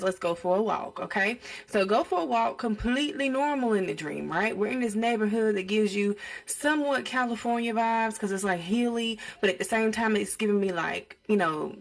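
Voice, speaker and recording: Animated young woman telling a dream story. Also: mid-range voice. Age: young adult. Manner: animated, acts out quoted speech. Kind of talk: casual storytime recounting a dream.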